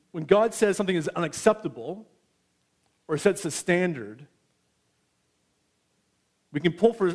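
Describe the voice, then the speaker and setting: A man's voice: a little high, darkish tone. Conversational man preaching a sermon. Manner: conversational, checks in with the audience. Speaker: pastor.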